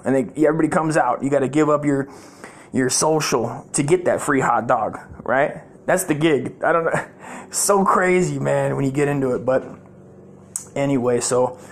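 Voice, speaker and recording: A middle-aged man, telling a rambling, profane comic story. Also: a little high. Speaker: comedic storyteller.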